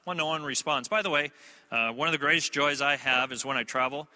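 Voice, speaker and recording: A man's voice: a little high, brisk, sharp tone. A man preaching a sermon as a traveling minister, telling a story in a conversational way with asides to his listeners. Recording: long reverb of a large hall.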